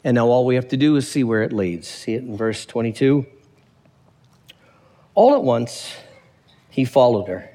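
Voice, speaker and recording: A man delivers a sermon with a somewhat high, very lively voice that leaps up and down as he works through a scripture passage. He slips into quick character voices to act out the people in the text. His voice rings with the long reverb of a large hall. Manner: animated, acts out characters, reads scripture aloud. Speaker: preacher.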